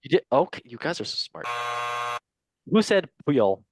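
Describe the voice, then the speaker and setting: A man's voice: a little high, big pitch swings, moderate pace, background noise. A man hosting a casual football quiz, joking and stumbling over French names. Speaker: quiz master.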